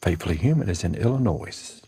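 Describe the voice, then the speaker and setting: A man's voice: low voice, expressive, a little fast, mellow, breathy edge, rough recording. A man with a Southern US accent hosting a casual livestream from a porch at dawn, chatting and greeting viewers by name. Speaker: livestream host.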